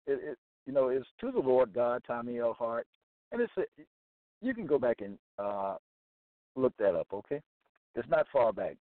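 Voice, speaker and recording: Preaching on Bible passages, a man hosting a religious broadcast repeats himself emphatically and keeps asking "okay?". His voice is mid-range, and the recording is dry with a tinny phone-line sound.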